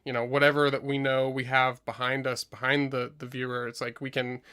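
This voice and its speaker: A man's voice: mid-range voice, flat delivery, a little fast, bright, forceful tone, clear, resonant tone. A man hosting an interview, asking long, rambling questions full of hesitations and fillers. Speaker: interview host. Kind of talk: casual interview talk.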